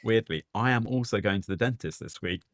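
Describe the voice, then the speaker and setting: A man's voice: fairly low pitch, fairly quick. A man with a southern English accent, co-hosting a podcast in casual chat, often restarting his sentences. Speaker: podcast co-host.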